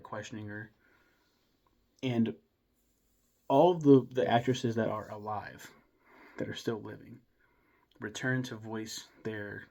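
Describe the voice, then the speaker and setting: A fairly low-pitched young man talks through a movie review in a loose, rambling way. He gets enthusiastic, trips over his own restarts and swears casually as he goes. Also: darkish tone. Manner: rambling and enthusiastic, with mild swearing and self-interruptions. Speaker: film reviewer. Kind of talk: casual film review monologue.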